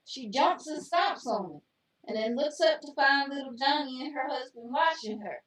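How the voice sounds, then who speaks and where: With a high, fairly bright voice and lively intonation at normal speed, a female co-host reads jokes out and teases her way through explaining them in relaxed chat. She's recorded in an echoey room, well away from the microphone.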